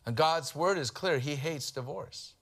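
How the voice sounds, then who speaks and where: A man's voice: fairly high pitch, measured pace, a bit bright. Man preaching a casual, storytelling sermon. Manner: conversational preaching with humorous anecdotes. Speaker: pastor.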